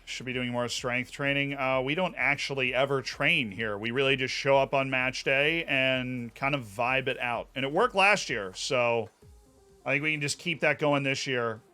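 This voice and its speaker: Male game streamer, off-hand jokey commentary, bright tone. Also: mid-range voice, moderate pace, soft background music. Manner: joking, off-hand. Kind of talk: casual gameplay commentary.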